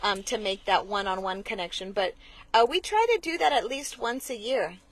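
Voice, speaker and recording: In this conversational interview, the guest is a woman who manages marketing for a blood center, explaining her cause in an earnest way with many restarts. Her mid-range voice moves at normal speed, and the recording has no room sound.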